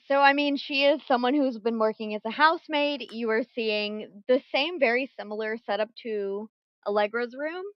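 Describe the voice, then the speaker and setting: A woman runs a tabletop game from her computer, casual and animated, swearing freely. Her voice sits fairly high, and the mic sounds dull and bone-dry. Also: moderate pace, no echo. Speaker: game master.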